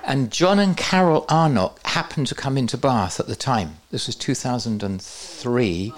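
A man's voice: mid-range voice, moderate pace. A man teaching at a church conference, with joking, self-deprecating asides to the audience. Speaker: preacher.

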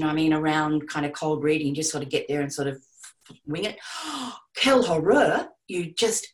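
A woman giving casual, animated advice on audiobook narration to a group. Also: sits low, rough recording. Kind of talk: casual teaching talk to a group.

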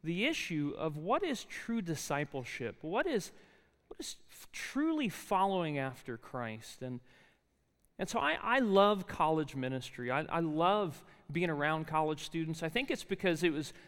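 A man's voice: a little high, animated, a little slow, a bit bright. A man in his forties with a New Jersey accent, telling his life story in a university chapel sermon, talking with many fillers and restarts. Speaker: chapel speaker. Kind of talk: sermon with personal testimony. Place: large university chapel hall. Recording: reverberant hall.

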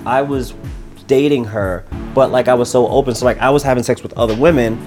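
Rambling man telling an animated story. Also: medium pitch, brisk, soft background music. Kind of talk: casual podcast chat.

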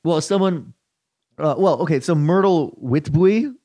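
A man co-hosting a podcast, recapping news stories in a relaxed, rambling way. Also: a little high, measured pace. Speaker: podcast co-host presenting stories. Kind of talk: casual chat.

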